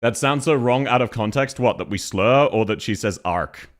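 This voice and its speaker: A man's voice: medium pitch, normal speed. An Australian man giving casual commentary as a streamer, reacting to game voice lines with mocking imitations and frequent laughter.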